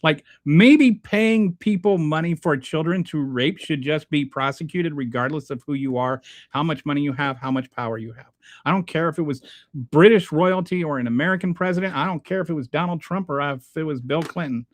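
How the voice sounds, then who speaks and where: A man hosting his own show, reading viewer comments aloud and answering them in a halting, blunt, exasperated way, restarting his sentences often. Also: a little high, no room sound. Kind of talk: casual unscripted commentary.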